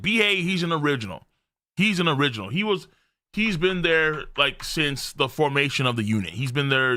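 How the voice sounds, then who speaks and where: A young man hosting a live stream where he reacts to a manga, excitable and cursing freely as he reads character lines aloud. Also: medium pitch, no room sound, studio quality.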